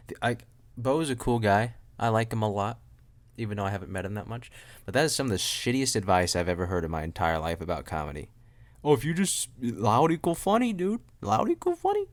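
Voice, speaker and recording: A young man hosting a solo podcast from home, rambling and joking at his own expense, often trailing off and restarting. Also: on the low side. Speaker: podcast host. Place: room at home with a loud air conditioner.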